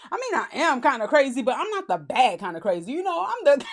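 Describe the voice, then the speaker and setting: A woman's voice: high voice, sing-song, fast, few pauses, fairly bright tone. A woman vlogger telling a personal story in a casual, goofy way, laughing often as she talks.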